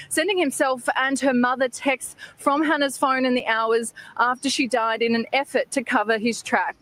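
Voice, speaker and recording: A news reporter delivers a scripted broadcast report in a steady, formal way. Each fact comes in a measured, even tone. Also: mid-range voice.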